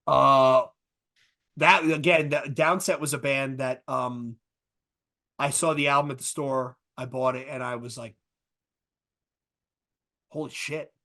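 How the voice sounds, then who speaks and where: A man's voice: mid-range voice, steady tone, measured pace, sharp tone. A middle-aged man co-hosting a casual podcast, laid-back and full of fillers. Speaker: podcast co-host. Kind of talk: casual chat.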